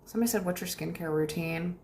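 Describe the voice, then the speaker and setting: A young woman, a manifestation coach, chatting casually on a livestream, reading viewer comments and thanking them warmly with light laughs. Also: lowish voice, fast talker, a little hiss or hum. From United States.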